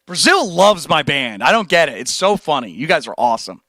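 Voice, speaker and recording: A man's voice: mid-range voice, sing-song, brisk, hardly any pauses, sharp tone, dry recording. A young man chatting casually on a livestream, rambling and laid-back, reading viewer messages and answering them. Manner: laid-back, rambling, says dude and like a lot. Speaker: streamer.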